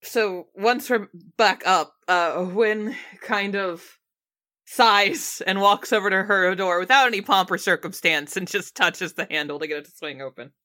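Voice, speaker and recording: A woman's voice: medium pitch, unhurried, pushed and bright. A woman playing a tabletop game, chattily describing what her character does. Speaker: player. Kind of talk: casual tabletop play.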